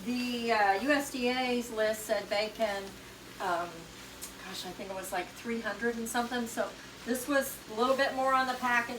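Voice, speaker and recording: A woman's voice: a little high, normal speed, background noise. A woman with a Southern US accent hosting a casual cooking demonstration in a home kitchen, chatting homily as she stirs and cooks. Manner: chatty, homey, talks while stirring and cooking. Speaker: cooking channel host. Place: borrowed home kitchen, indoors. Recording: echoey kitchen, distant mic, sizzling pan. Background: frying and sizzling from the stove.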